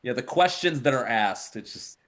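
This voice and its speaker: A man's voice: medium pitch, animated, normal speed, fairly bright tone. A man co-hosting a casual podcast who chimes in with short, wry remarks and laughs often. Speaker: podcast co-host. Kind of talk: casual chat.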